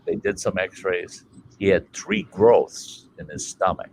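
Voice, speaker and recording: A man from Minnesota hosting a casual chat stream, telling a family story in a colorful, animated way and swearing freely. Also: sits low, slow pace, vocal fry, slight background noise, rough recording. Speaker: livestream host.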